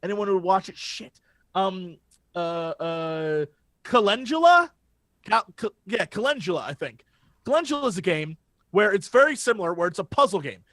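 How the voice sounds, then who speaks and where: High-voiced, excitable man telling a story. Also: moderate pace, no room sound. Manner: excitable storyteller, swears freely. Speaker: podcast co-host. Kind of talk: casual chat.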